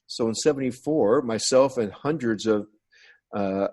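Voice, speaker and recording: Unhurried and a little mellow, this American podcast guest in his sixties reminisces at length in a casual interview. His medium-pitched voice carries long, rambling tales from his past.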